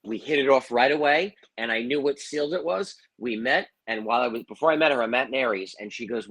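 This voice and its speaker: Husky man telling a story in an interview. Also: medium pitch, fast, hardly any pauses, poor audio. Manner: animated, acts out quotes, says "man" and "you know what I mean". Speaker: interview guest, firefighter and psychic.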